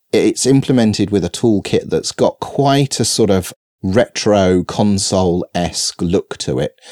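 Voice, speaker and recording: A man co-hosting a podcast, chatting casually and enthusiastically about software he loves. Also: deep voice, dry recording, clean studio sound. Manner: enthusiastic, effusive. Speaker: podcast co-host. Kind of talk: casual tech chat.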